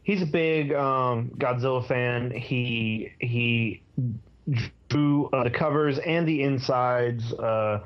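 A man co-hosting a podcast, talking in a hesitant casual way with many pauses and ums. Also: mid-range voice, clear, resonant tone. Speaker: podcast co-host. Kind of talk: casual chat. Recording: slightly dull sound.

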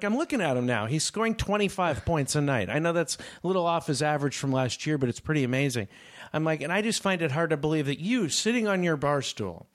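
Man, fairly high voice, animated storyteller, casual chat. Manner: animated, acts out both sides of an argument.

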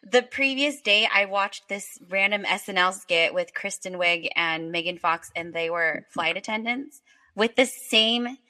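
A woman co-hosts a podcast in casual chat, her mid-range voice unhurried. She's an animated storyteller who laughs a lot as she talks.

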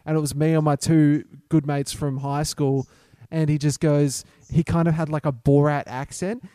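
A man's voice: a little high, little pitch movement, normal speed, dark tone, no echo. A man in casual podcast chat, telling anecdotes animatedly.

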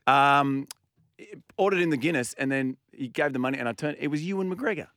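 A man's voice: medium pitch, fairly quick, a bit bright, clean tone, no echo, studio quality. Chatty man telling pub stories. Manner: chatty storyteller, laughs often. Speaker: radio co-host. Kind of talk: casual radio banter.

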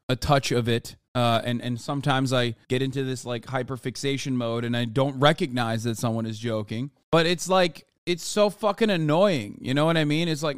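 A man's voice: on the high side, a bit bright, clear, resonant tone, no echo, studio quality. A man streaming reaction commentary, ranting in a heated, profane way.

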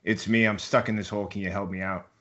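A man's voice: on the low side, steady tone, fast talker, fairly bright tone, dull audio, natural voice. A man doing a pleading guy stuck in a hole.

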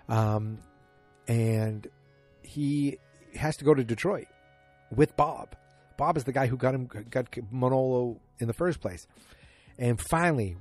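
A man's voice: medium pitch, warm tone. A man recapping a TV episode in a casual, rambling way, full of fillers and restarts, loosely acting out the characters' lines. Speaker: podcast host recapping a TV episode.

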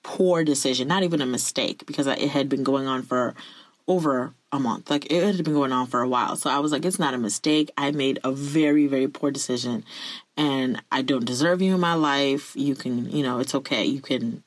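A woman's voice: rumbling low, a little fast, no echo. A woman telling a personal story to her viewers in an earnest, confessional way. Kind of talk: candid personal storytelling to camera.

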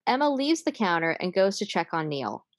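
A woman, hosting a podcast, chatting casually and recapping an episode, enthusiastic and quick to swear and laugh. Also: medium pitch, big pitch swings, dry recording, clean studio sound. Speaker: podcast host.

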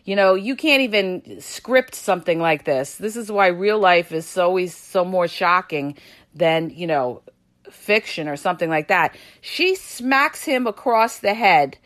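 Animated woman telling a wild story. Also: unhurried. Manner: animated, addresses listeners with "you guys" and "all right?"; dramatic retelling, gets loud and high at tense moments. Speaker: podcast host. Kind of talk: storytelling to listeners.

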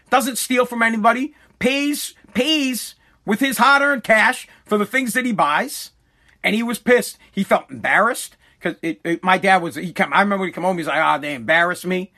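High, bright-voiced ranting man. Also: normal speed. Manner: profane, blunt, rambling storyteller. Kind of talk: ranting comedic monologue.

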